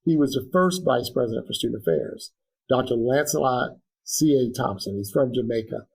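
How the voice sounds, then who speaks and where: A man's voice: mid-range voice, normal speed, creaky, a little mellow, breathy edge, poor audio. A middle-aged man speaking as a guest in an interview, earnest and reflective, with frequent restarts and fillers. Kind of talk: conversational interview.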